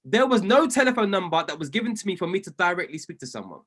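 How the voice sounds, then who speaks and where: Animated man coaching a group. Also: high-pitched, fast talker, breathy edge. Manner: animated storyteller, preacher-like emphasis and repetition. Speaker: trading coach. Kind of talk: motivational talk to a group.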